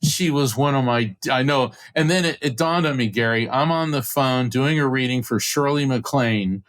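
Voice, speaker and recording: A middle-aged man, a guest on an interview podcast, telling a story with excitement and acting out the voices of the people in it. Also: mid-range voice, moderate pace. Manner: acts out quoted voices, excited retelling. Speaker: podcast guest, psychic medium.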